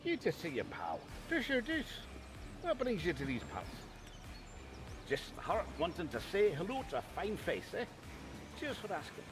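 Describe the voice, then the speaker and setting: A man's voice: high-pitched, wildly swooping pitch, moderate pace. A man doing a chatty fisherman. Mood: friendly banter. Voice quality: folksy, teasing storyteller manner. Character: chatty male fisherman and harbour master. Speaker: game character. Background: game music.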